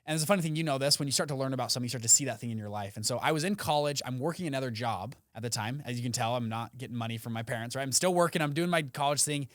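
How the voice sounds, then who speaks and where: A man in his twenties, a podcast guest telling his story with animated, acted-out quotes. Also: mid-range voice, racing, few pauses, no room sound, studio quality. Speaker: podcast guest, fund founder. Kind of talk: casual storytelling interview.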